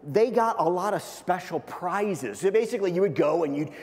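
A man preaching through a story, lively at times and dropping to a hushed near-whisper at the tender moments. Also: high voice, moderate pace. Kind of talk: storytelling sermon. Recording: long hall reverb.

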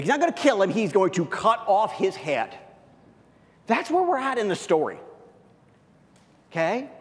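Conversational preacher in an echoing hall. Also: male voice, high voice. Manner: conversational, heavy use of fillers. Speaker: pastor. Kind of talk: sermon.

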